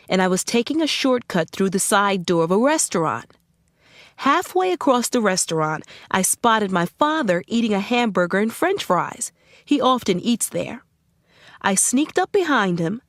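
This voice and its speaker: Woman telling an embarrassing story, lively. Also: medium pitch, dry recording, studio quality. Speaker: course narrator reading a letter. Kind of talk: scripted reading.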